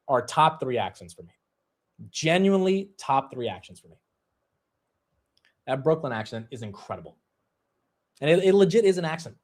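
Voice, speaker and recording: Energetic man giving market commentary. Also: a little high. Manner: conversational, energetic, fillers like "you know". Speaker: stock market show host. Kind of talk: casual livestream market commentary.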